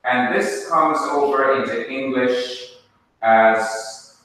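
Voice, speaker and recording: A man teaching a Hebrew class, explaining slowly and step by step. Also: medium pitch, fairly bright tone, soft background music. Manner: slow, explains step by step, spells things out. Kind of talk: classroom lesson. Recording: echoey hall, speaker far from mic.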